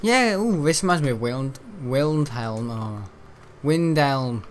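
Soft background music plays as a young gaming host talks slowly in a mid-range voice with lively intonation. He rambles casually through his game, chatty and jokey, often laughing at his own jokes in this let's-play commentary.

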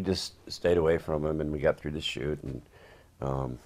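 A man with an extraordinarily low, rumbling voice, recounting stories from a career in acting. He rambles along with dry, wry asides in an easygoing interview manner. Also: fairly even intonation, normal speed, darkish tone. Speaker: actor being interviewed. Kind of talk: casual anecdotal storytelling.

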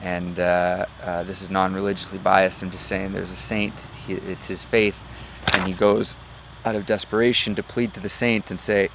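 Speaking flatly in a somewhat low but slightly bright voice, this man gives a motivational talk full of halting fillers as he gropes for the right words. Stories and jokes carry his message, and a soft hum sits in the background.

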